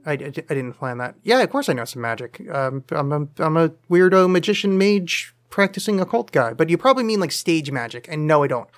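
A man's voice: on the high side, lively intonation, brisk, few pauses. A man hosting a casual solo live podcast, answering listener questions in a rambling, self-deprecating, jokey way with lots of fillers. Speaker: podcast host. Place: home studio, leaning over to check screen.

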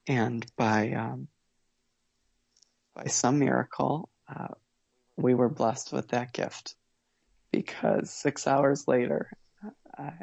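Earnest man with a gravelly voice. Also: mid-range voice, steady tone, a little mellow, no room sound, highs cut off. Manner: earnest, measured, with pauses and restarts. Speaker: guest, father. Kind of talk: reflective interview storytelling.

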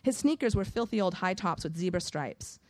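A woman reading a first-person audiobook in a measured, wry storytelling manner. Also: on the low side, expressive, no room sound. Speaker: audiobook narrator.

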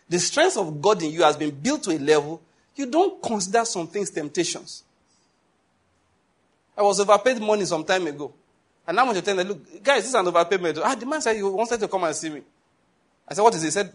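A man's voice: high voice, fairly bright tone, breathy edge. A man preaching a sermon, telling stories and acting out the dialogue with a laugh. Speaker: pastor.

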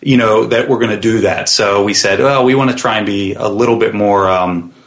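A man's voice: on the low side, brisk. A man, guest on a podcast, describing his web series in a thoughtful interview style with plenty of fillers and restarts.

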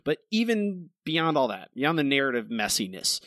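A man on a casual comics-review podcast vents his frustration about a comic book, putting on mocking voices for the quotes. His mid-range voice is sing-song and fairly bright at a moderate pace, with clean studio sound and no room echo.

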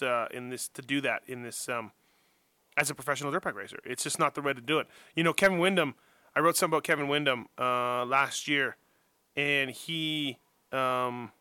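A man's voice: on the high side, bright, forceful tone, clean tone, no room sound, studio quality. A man guest on a podcast interview, talking casually and rambling with lots of fillers and restarts, joking at his own expense. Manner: rambling, self-deprecating, many fillers and restarts. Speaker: motocross journalist guest. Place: home office.

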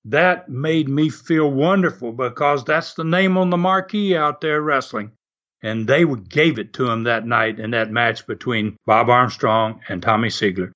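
An older man, a former wrestler telling animated stories in an interview and laughing often. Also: mid-range voice, measured pace, dull audio. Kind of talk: storytelling interview.

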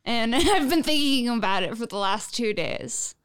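A woman's voice: fairly high pitch, expressive, normal speed, a bit bright, clean tone, no room sound, clean studio sound. A woman hosting a comedy podcast in casual chat, dramatic and self-deprecating about her own mishaps. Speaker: podcast host.

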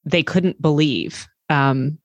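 Chatty lower-voiced woman podcast host. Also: slow, dry recording, muffled recording. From Maryland, United States. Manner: chatty, warm storyteller, many fillers. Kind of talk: casual interview chat.

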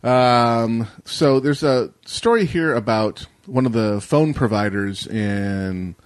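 A man's voice: medium pitch, takes it slowly, no room sound. A man co-hosting a casual tech news podcast, talking in a wry, rambling way with jokey asides. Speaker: podcast co-host.

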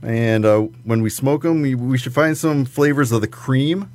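A man's voice: medium pitch, normal speed, darkish tone. A man, a guest talking casually and at length about cigars, with many fillers and restarts. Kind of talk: casual chat.

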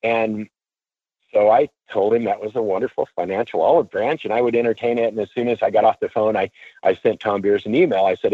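A man, an auctioneer, telling a long anecdote in a radio interview, casual and animated, and he acts out what people said. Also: lowish voice, brisk, dry recording, phone-quality sound. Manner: animated storyteller, acts out quotes; casual, swears freely. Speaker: auctioneer guest. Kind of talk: storytelling interview.

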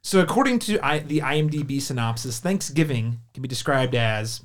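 A man's voice: medium pitch, animated, a little fast. A man hosting a movie review podcast, chatting casually with lots of fillers and restarts. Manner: chatty, enthusiastic, filler-heavy. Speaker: podcast host.

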